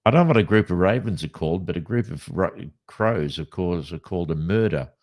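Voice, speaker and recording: A man's voice: low-pitched, a little fast. An Australian man co-hosting a podcast, chatting casually and telling rambling stories full of restarts. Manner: rambling, animated storyteller with many restarts. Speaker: podcast co-host. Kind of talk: casual chat. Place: Western Australia.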